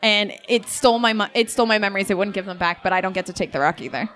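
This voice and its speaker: A woman's voice: mid-range voice, rapid-fire, a bit bright, slight background noise. A woman playing a tabletop role-playing game, describing her character's actions in a playful, giggly way and laughing often. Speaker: player and game master. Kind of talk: improvised tabletop role-play.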